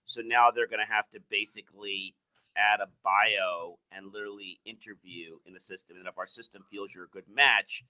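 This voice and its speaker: A podcast host with a low but strikingly bright, forceful tone. He tells stories in a casual chat, slipping into other people's voices to make a point. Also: normal speed, low-quality recording. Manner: animated storyteller, acts out quoted voices.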